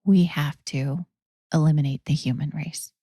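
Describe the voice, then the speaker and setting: A woman's voice: sits low, fairly even intonation, normal speed, dark tone, husky, dry recording, clean studio sound. A woman voicing a grave man who believes he is president of the world, speaking in a solemn tone.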